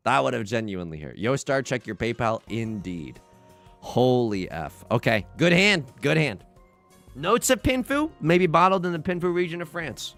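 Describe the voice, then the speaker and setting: A man streaming a mahjong game, chatting in a rambling, excitable way and shouting when the game turns. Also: medium pitch, moderate pace, soft background music. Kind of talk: livestream commentary over a mahjong game.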